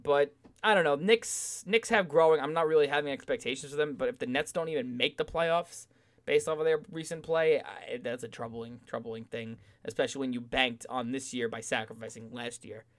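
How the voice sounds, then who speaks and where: A man's voice: medium pitch, a little fast. A man co-hosting a casual sports podcast, talking animatedly and mocking fans with sing-song asides.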